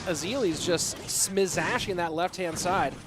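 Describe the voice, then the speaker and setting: A man casting a live esports match on his own, answering chat between excited play calls. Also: high-pitched, measured pace. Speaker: esports caster. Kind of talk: solo live esports commentary with chat reading. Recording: loud music behind voice.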